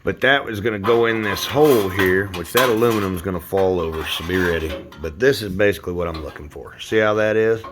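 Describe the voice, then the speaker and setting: Man, somewhat low voice, rambling and swearing, frustrated, home garage, phone mic. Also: brisk, few pauses, background noise. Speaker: hobby car builder, roofer. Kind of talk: casual workshop vlog.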